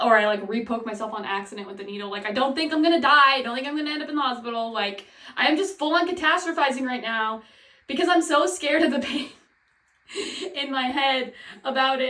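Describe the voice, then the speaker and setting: A woman's voice: sits high, brisk, bright, forceful tone, recorded from a distance. Nervous rambling woman in an echoey room. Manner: nervous, rambling, self-talk with nervous laughs. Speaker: vlogger. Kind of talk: casual vlog talk. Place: at home.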